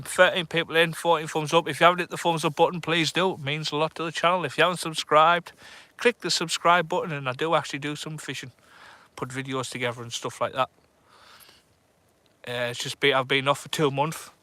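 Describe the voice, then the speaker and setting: A bright, lively-toned man chats to his live viewers from a dark shore at night, joking nervously and reading out their comments. His voice sits a little high for a man and comes through close and dry on a phone or camera mic, with almost no room sound. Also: brisk, dry recording. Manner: chatty, nervous, jokey, reads out comments. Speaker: fishing vlogger streaming live. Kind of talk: casual live-stream chat to viewers. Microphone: phone or camera on a tripod.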